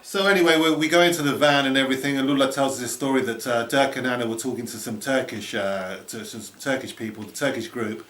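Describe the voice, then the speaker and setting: A man's voice: medium pitch, fast, hardly any pauses, fairly bright tone. A middle-aged man, casually reminiscing about a trip in a rambling, chuckling way, full of "you know". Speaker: storyteller recalling a trip. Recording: roomy echo with faint background noise.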